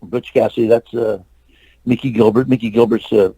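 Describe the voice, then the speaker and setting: A man's voice: medium pitch, fairly even intonation, moderate pace, mellow, breathy edge, no echo, rough recording. An older man, an actor and stuntman, telling long rambling anecdotes in a casual interview and acting out the lines of the people in them. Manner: rambling anecdotes with restarts and acted-out quotes.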